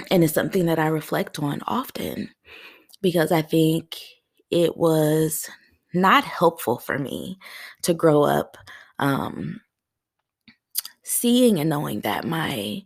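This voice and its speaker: A woman's voice: sits low, lively intonation, slow, vocal fry, pauses often, husky. A woman hosting a heartfelt solo podcast, talking earnestly to her listeners, choked up at times. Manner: earnest, tearful and laughing through emotion. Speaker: podcast host.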